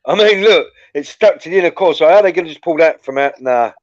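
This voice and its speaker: A man's voice: on the high side, lively intonation, quick pace, muffled recording. A man with an English accent in laid-back, sweary casual chat, stoned. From England. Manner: laid-back, swears a lot, laughs often.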